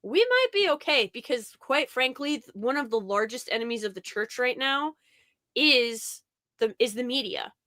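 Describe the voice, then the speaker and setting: A woman hosting a casual podcast chat, talking in a bright, clear, slightly high voice. She is animated and quick to act out what other people say, with plenty of "like" along the way. The sound is close and dry. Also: no echo. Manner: animated, quotes others in mock voices, frequent "like" fillers. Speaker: podcast host.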